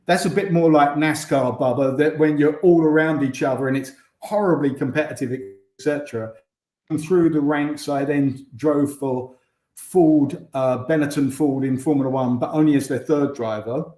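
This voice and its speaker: A man's voice: on the high side, moderate pace, darkish tone, reverberant. An English man, a former racing driver, chatting as a guest over a video call and often restarting his sentences. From England. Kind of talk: casual interview chat.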